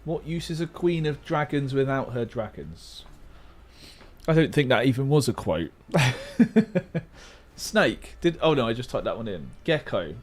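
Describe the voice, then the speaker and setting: A young man hosts a casual livestream while playing a word game, muttering guesses aloud with playful, self-mocking asides. His mid-range voice swings widely in pitch, and he's unhurried.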